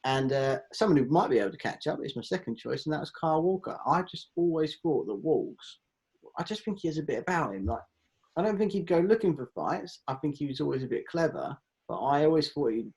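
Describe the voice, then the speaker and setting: A man's voice: a little high, animated, brisk, darkish tone, low-quality recording. A man hosting a casual football chat with friends, joking and laughing often. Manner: laid-back banter, laughs often. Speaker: podcast host.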